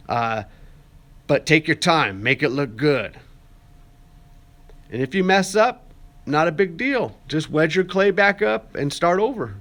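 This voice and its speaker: A young man, an art student, talking casually through a how-to voice-over in a classroom, relaxed and chatty with joking asides and plenty of fillers. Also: a little high, unhurried, pauses often.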